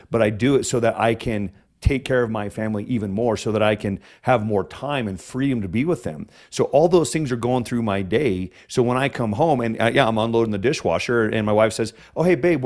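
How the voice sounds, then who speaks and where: A man's voice: medium pitch, darkish tone. Rambling, heartfelt male podcast host. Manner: emotional, rambling, many restarts. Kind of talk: podcast interview.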